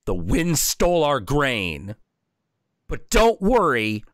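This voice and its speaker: A man doing a shrill, indignant little Viking boy. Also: wildly swooping pitch, slow, no room sound, studio quality, full character voice. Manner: high, loud, earnest declarations.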